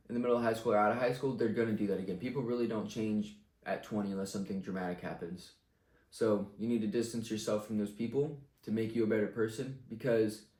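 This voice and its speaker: A man's voice: fairly low pitch, darkish tone. A young man giving blunt life advice in a casual rant, confident and full of swearing. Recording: echoey room.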